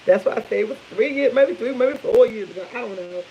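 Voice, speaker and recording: A woman's voice: fairly high pitch, quick pace, a little hiss or hum, rough recording. A woman, chatting over morning coffee at home, telling stories to her viewers. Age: 50s. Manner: chatty, animated storytelling, addresses viewers as y'all. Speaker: vlogger. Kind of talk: casual morning coffee chat. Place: home kitchen, indoors.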